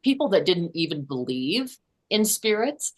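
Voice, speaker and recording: Guest in her 60s: low-pitched woman, earnest storyteller, chatty with frequent restarts. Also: big pitch swings, measured pace, husky. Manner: earnest, many restarts and "you know". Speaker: podcast host and author, guest. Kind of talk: storytelling in a casual interview.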